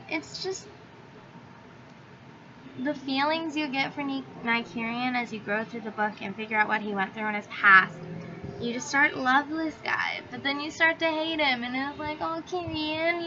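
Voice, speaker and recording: A woman's voice: high-pitched, fairly even intonation, measured pace, pauses often. A young woman reviewing a book in a casual vlog, talking in a chatty, filler-heavy way and swearing freely. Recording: slightly dull audio with faint hiss.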